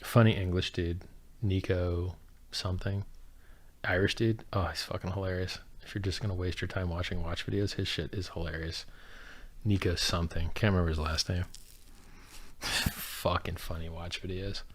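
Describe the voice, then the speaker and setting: A man with a very low voice hosts a casual livestream, answering chat questions bluntly, profanely and offhandedly at a moderate pace with little pitch movement. His sound is close and dry, captured on a studio dynamic mic with a foam pop filter.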